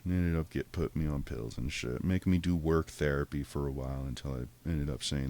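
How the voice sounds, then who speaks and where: A man's voice: very deep voice, a little fast, hardly any pauses, dark tone. A man telling a long story in casual, profane podcast talk, rambling and acting out what people said in a raised voice. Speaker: podcast host.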